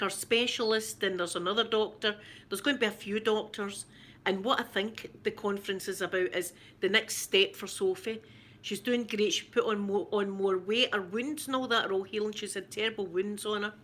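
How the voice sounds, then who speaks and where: Bright-voiced Scottish woman telling stories. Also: mid-range voice. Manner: animated storytelling with laughs and repeats. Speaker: vlogger, mother. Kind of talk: casual chat to camera.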